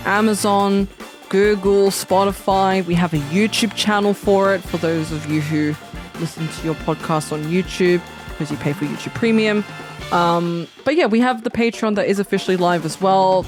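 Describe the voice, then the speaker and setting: Casual woman podcast co-host, slightly low voice, rambling and chatty. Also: moderate pace, soft background music. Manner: chatty, full of "like" fillers. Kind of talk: casual chat.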